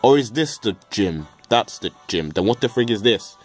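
A man's voice: fairly low pitch, lively intonation, normal speed, faint music behind. A man giving casual, joking commentary over a video game, rambling with mild swearing and stammered restarts. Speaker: let's play gamer.

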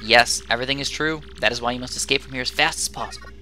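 A man's voice: medium pitch, bright, forceful tone, faint music behind. A man doing a stiff, formal game computer. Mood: solemn. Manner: stiff, formal, measured speech. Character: dutiful male base computer with a conscience.

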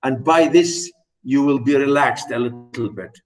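Slow emphatic teacher lecturing. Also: male voice, mid-range voice, recorded from a distance, faint music behind, low-quality recording. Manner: emphatic, repeats words, many "you know" fillers. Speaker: literature teacher. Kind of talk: classroom lecture.

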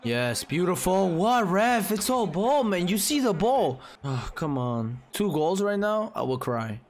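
Excitable, foul-mouthed young gamer guy. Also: high voice, unhurried, over music. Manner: profane, excitable, swings from muttering to yelling. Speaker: gaming streamer. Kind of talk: live gameplay commentary.

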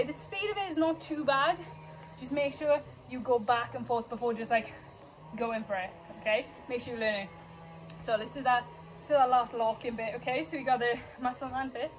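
A woman's voice: on the high side, poor audio. A young woman teaching a dance routine, counting beats and scatting the moves aloud, a little out of breath. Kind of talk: dance class instruction. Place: dance studio.

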